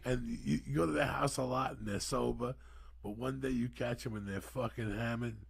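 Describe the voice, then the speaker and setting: A man's voice: mid-range voice, steady tone, moderate pace, gravelly, breathy edge. A man in his sixties, a podcast guest telling long, profane, rambling stories in a casual way. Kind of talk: casual storytelling.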